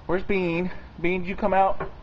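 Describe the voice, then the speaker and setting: A man filming his dogs at home, coaxing them in high baby talk and chatting casually to the camera. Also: flat delivery, unhurried, highs cut off, a little hiss or hum. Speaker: dog owner filming his pets.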